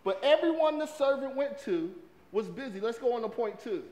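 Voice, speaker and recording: A man delivers a sermon. His voice sits high for a man. He talks in a loose, conversational way and keeps asking the congregation questions. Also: normal speed. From American South. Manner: lively, conversational preaching with crowd prompts. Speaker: pastor.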